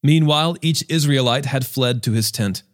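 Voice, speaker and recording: A man reading scripture aloud in a measured, expressive way as the show's regular reader. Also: medium pitch.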